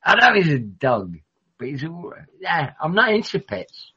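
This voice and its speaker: High, lively man on lo-fi chat. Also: moderate pace, background noise. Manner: rambling, jokey, sweary banter. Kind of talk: casual podcast chat.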